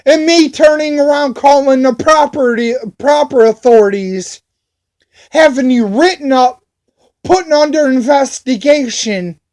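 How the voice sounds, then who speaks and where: High-voiced man ranting slowly. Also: a little mellow. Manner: profane, repetitive, heated. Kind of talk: angry storytelling rant.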